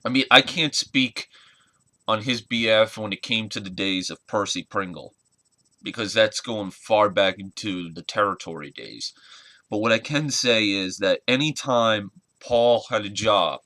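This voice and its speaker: A man in his twenties giving an earnest, halting spoken tribute in a casual vlog, often searching for words. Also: lowish voice, bright, forceful tone, dry recording. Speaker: wrestling fan vlogger.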